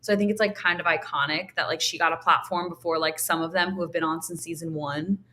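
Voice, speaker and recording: A woman's voice: sits low, fast talker, a little hiss or hum. A young woman guesting on a podcast, chatting casually and peppering her talk with "like" as she acts out what others said. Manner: heavy use of "like", animated quoting of others. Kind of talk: casual chat.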